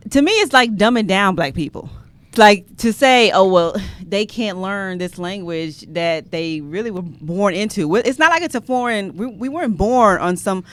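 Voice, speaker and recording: A woman hosting a podcast, giving her opinions in casual chat and laughing often. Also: mid-range voice. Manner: animated, laughs often, emphatic. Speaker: podcast host.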